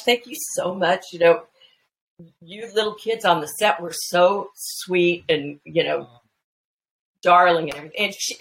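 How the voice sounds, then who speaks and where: A woman guest telling family anecdotes in a casual, animated way, full of restarts and fillers. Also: lowish voice, vocal fry, slight background noise, low-quality recording. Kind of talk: casual storytelling chat.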